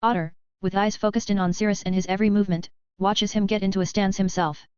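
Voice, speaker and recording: Lady reading a novel out, steady even delivery, dry dull sound. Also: medium pitch, fast, smooth, no echo. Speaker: audiobook narrator. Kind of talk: scripted novel narration.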